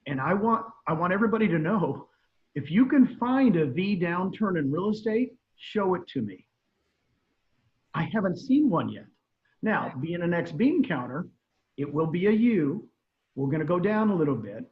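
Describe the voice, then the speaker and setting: A man's voice: a little high, sing-song, moderate pace. A middle-aged man, a guest real estate trainer, giving emphatic advice on a video call and repeating his key points. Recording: muffled video call audio.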